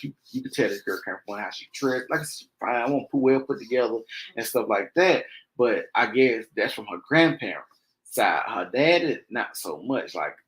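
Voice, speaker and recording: A young man telling a personal story on a podcast in loose, casual speech. He is animated and slips into raised voices to act out the people he quotes. His voice sits at an ordinary middle pitch. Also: rough recording. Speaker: podcast host.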